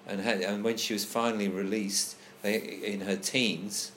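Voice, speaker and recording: A man's voice: lowish voice, level tone, unhurried, a bit bright, slight background noise. A man leading a casual group discussion, thoughtful and hesitant, restarting his sentences often.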